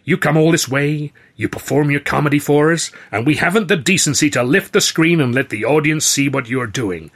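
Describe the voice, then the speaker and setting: A man's voice: a little high, fairly quick, hardly any pauses, a bit bright, pitched above the performer's own voice. A man voicing a powerful, menacing male city boss who speaks with false courtesy and veiled threats. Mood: mock-apologetic.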